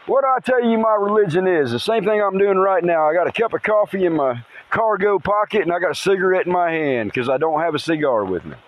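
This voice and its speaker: A man hosting a podcast outdoors in a rainstorm by a river, talking in an excitable, rambling way and swearing casually. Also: high-pitched, a little fast, lo-fi sound. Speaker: podcast host. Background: faint rain and river ambience.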